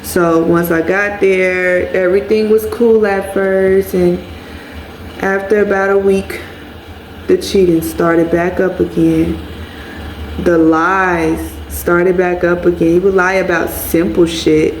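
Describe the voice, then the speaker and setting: A woman's voice: on the low side, level tone, slow pace, roomy sound, slight background noise, poor audio. A woman telling a personal story to her viewers in a candid, blunt way, swearing freely and calling them y'all. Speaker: vlogger.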